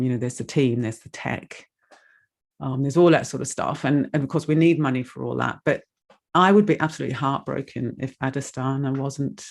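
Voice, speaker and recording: Creaky-voiced woman making an emotional appeal. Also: a bass voice, darkish tone. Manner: emotional, rambling, close to tears. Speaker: speaker making a donation appeal. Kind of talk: heartfelt fundraising appeal in an online meditation session.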